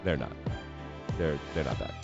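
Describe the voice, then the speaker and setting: A man's voice: extremely low pitch, lively intonation, moderate pace, gravelly, muffled recording, music in the background. A man hosting a solo sports podcast, talking casually with sarcastic, wry asides. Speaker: podcast host.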